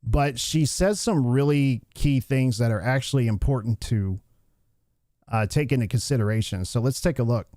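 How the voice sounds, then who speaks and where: A man hosts a livestream and rants bluntly, brushing things off with repeated restarts. His voice sits at an ordinary middle pitch. It sounds dry and close, with no room around it. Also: normal speed, mellow, no echo. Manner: blunt, dismissive ranting with frequent restarts. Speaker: livestream commentary host. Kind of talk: casual reaction commentary.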